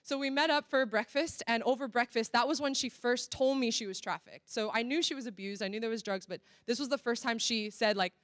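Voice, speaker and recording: A woman's voice: a little high, brisk, few pauses, a bit bright, no room sound. A young American woman from Florida giving a casual sermon-style church workshop talk, telling stories animatedly and acting out dialogue. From Florida, USA.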